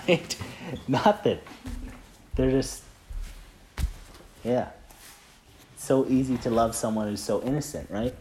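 A man's voice: lowish voice, background noise. A man leading a Christian group, giving a casual faith talk and sharing a testimony. He talks earnestly and conversationally, rambling with many filler "like"s and restarts.

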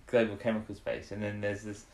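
A man's voice: lowish voice, flat delivery, gravelly, darkish tone. A man co-hosting a casual chat, recapping an episode. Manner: rambling, acts out characters' lines in quick impressions. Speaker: podcast co-host. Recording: echoey room.

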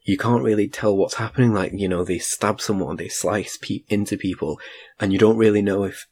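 A man's voice: lowish voice, brisk, darkish tone, breathy edge. A man casually reviewing a film in a chat, rambling with frequent restarts. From United Kingdom.

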